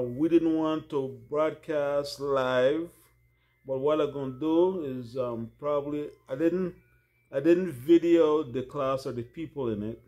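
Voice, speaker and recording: A man hosting a class, giving closing thanks in a halting way with many fillers. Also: mid-range voice, dark tone. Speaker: class host. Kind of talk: closing remarks.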